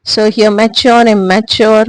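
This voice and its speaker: A woman teacher, giving a recorded lesson slowly, with frequent hesitations and restarts. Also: medium pitch, level tone, dry recording, rough recording. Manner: slow and deliberate, with frequent "uh" and restarts. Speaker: English teacher.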